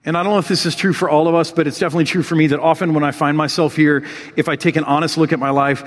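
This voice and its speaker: A man's voice: on the high side, big-room sound. A man preaching a sermon in an earnest, heartfelt way, reading scripture with rising emotion. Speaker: pastor.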